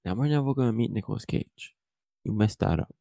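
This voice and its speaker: Man, very deep, gravelly, mellow tone, deadpan co-host. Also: fast talker, no echo. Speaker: podcast co-host. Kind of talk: comedic improvised podcast bit.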